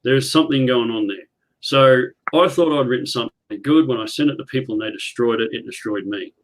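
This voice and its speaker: Man in a writers' panel, earnest explainer, mid-pitched voice, video call. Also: fast talker, slight background noise, poor audio. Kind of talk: casual video call chat.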